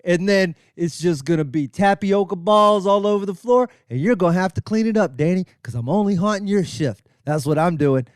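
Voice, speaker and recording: A middle-aged comedian tells a rambling, self-mocking story in a fairly high voice. He swings his pitch wildly when he acts out the other people in it and swears freely. The sound is dry and close. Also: brisk, hardly any pauses, dry recording. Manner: animated, acts out quotes with big pitch jumps. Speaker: comedian host. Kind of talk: storytelling monologue.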